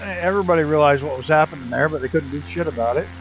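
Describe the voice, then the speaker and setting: A man's voice: on the high side, fast talker, slight background noise, poor audio. A man chatting casually while streaming a flight simulator, telling profane racing stories and laughing often.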